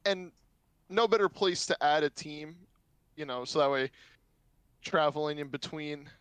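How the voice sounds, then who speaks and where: A man's voice: on the high side, a little slow, fairly bright tone, clean tone, no echo. A young man co-hosting a casual sports podcast, eagerly explaining his ideas at length. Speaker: podcast co-host.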